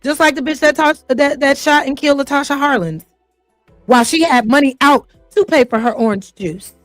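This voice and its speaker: High-voiced, profane woman host. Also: normal speed, fairly bright tone, dry recording, faint music behind. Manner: blunt, profane and heated, with rhetorical questions. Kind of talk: casual reaction commentary.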